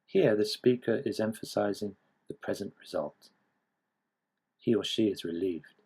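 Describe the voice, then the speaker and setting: A man narrates an English grammar lesson from a script. His voice sits a little low and has a husky edge. He explains each point at a measured, even pace. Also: poor audio. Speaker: English teacher.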